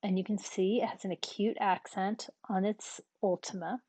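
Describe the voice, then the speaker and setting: A woman's voice: mid-range voice, a little mellow, dry recording. A woman teaching a language lesson in a patient, step-by-step way, with frequent ums between points. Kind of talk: relaxed classroom explanation.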